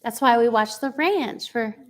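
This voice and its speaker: A woman's voice: on the high side, animated, normal speed. A woman in her forties hosting a casual live chat, talking chattily, laughing often and reading out viewer comments. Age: 40s. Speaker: livestream host.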